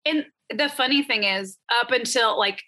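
A woman's voice: a little high, normal speed, sharp tone. A woman talking about her work as a productivity coach in a casual podcast interview, with lots of filler words. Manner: chatty, frequent "like" fillers.

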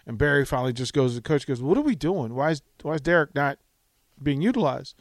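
A middle-aged man hosting a sports radio show, telling a story with lively acted-out quotes. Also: a little high, fast, no room sound. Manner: animated storytelling, acts out quotes. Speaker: radio host.

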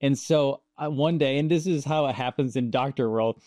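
A man hosting a conversation, telling stories in a casual, animated way and acting out the quoted voices. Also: mid-range voice, normal speed, no room sound, clean studio sound. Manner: animated, acts out quoted dialogue, laughs often. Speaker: show host.

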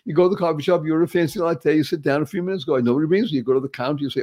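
Upbeat guy hosting an inspirational show, gushing, says things over and over, voice sits a bit high for a man. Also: racing, a little mellow. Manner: enthusiastic, effusive, repeats phrases for emphasis. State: paralyzed for years. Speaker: show host. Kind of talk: motivational talk show hosting.

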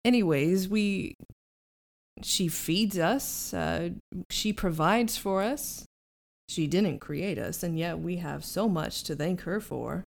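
A woman's voice: medium pitch, animated, slow. Lady putting on a fussy little cockroach guy, proper and polite, talks about his mistress like royalty. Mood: reverent. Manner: prim, mannered, reverent speech. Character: polite fussy male cockroach, small, formal.

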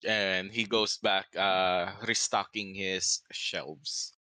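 Game master, male, measured scene-setting narration, slow pace, dry close sound. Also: low-pitched, little pitch movement, pushed and bright, no echo.

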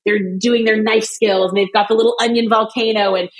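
A bubbly woman with a fairly high voice, chatting in a relaxed way. She tells stories with quick asides and laughs often. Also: low-quality recording. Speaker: cooking guest. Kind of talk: casual chat.

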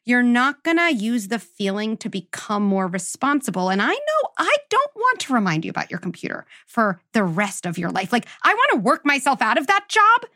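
A woman with a fairly high, pushed, bright voice hosts an interview as a parenting psychologist. She explains her ideas emphatically, leaning heavily on "like" and "right?" in conversation.

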